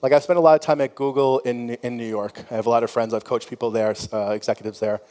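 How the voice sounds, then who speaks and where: Speaking fast with a steady, warm tone at medium pitch, a middle-aged man on a conference panel recounts stories candidly and conversationally. He's a company founder who says "you know" a lot and laughs freely, and the conference hall adds long reverb.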